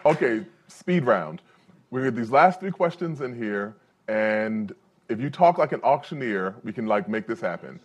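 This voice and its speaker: A man moderating a live public event, asking questions haltingly and with many fillers. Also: medium pitch, lively intonation, highs cut off, slight background noise. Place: event room with live audience.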